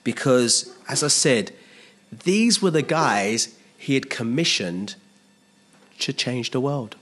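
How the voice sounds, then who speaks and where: A man's voice: mid-range voice, lively intonation, slow pace, a bit bright. A man preaching a sermon as pastor, earnest and emphatic, repeating phrases and asking the congregation rhetorical questions.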